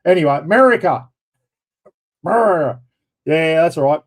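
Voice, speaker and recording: Aussie bloke yarning away casually, slightly high voice, rambly and matey. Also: male voice, moderate pace, a little mellow, poor audio. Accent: Australian. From Australia. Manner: blokey, rambling, says "mate" and "bloody" often. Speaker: livestream host. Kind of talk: casual chat.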